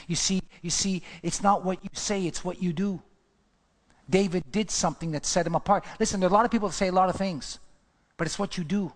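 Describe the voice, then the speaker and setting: A man's voice: high voice, fairly quick. Emphatic male preacher in echoing church. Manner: emphatic, repetitive, exhorting. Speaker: pastor. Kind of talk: sermon.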